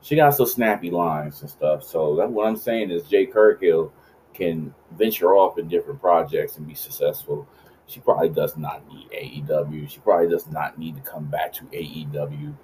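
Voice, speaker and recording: A man's voice: a bass voice, normal speed, darkish tone, a little hiss or hum, low-quality recording. A man in his late thirties hosting a podcast, rambling casually and swearing freely. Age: late 30s. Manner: rambling, profane, laid-back. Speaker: podcast host.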